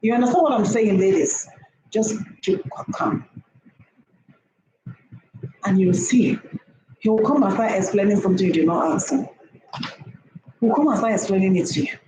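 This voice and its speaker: Speaking fairly quickly in a mellow, expressive mid-range voice, a woman lectures other women about relationships. She hammers her points home, repeats herself, and keeps tossing out "okay?" to her audience, all captured in an echoey room with a little background noise.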